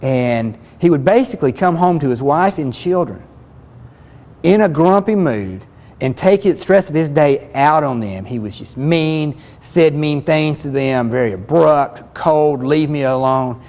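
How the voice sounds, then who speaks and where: A man's voice: on the high side, animated, normal speed, darkish tone, in a large hall. A man giving a spoken self-help lesson as a relationship counselor, earnest and plain-spoken, often repeating himself.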